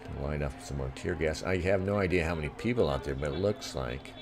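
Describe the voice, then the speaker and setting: A man's voice: rumbling low, quick pace, noisy background. A middle-aged man from Southern California hosting a livestream, giving sardonic, crude commentary over live feeds. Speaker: livestream host.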